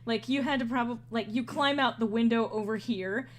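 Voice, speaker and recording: A woman narrating as game master in a tabletop role-playing session, chatty and animated, often laughing. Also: on the high side, normal speed.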